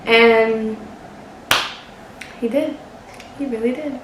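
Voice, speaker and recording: A woman's voice: fairly high pitch, drawn-out words, reverberant, heavy background noise. A young woman vlogger telling a casual story, chatty and exasperated, swearing and laughing often.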